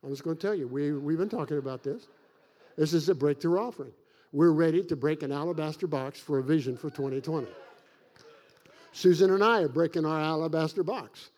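A man from Kentucky preaching a sermon as pastor, emphatic, with folksy self-joking asides and dramatic slowdowns. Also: on the high side, a little mellow.

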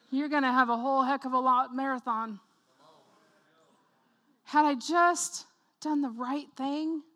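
Woman preacher, high and bright-voiced, lively storyteller in a sermon. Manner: animated storytelling, acts out voices, laughs often.

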